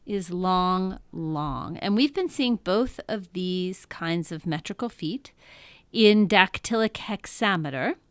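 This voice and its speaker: A woman teaching a lesson in a patient, explanatory way, often pausing to check in with her listeners. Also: on the low side, a bit bright, smooth, no echo. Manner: patient, explanatory, frequent "um" and "okay?" check-ins. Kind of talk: classroom lecture.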